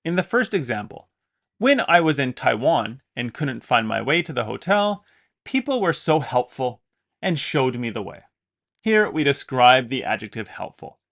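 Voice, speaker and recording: Gravelly-voiced man teaching English. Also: medium pitch, sing-song, moderate pace, fairly bright tone. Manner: explains patiently, with fillers and self-corrections. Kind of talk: online lesson explaining example sentences.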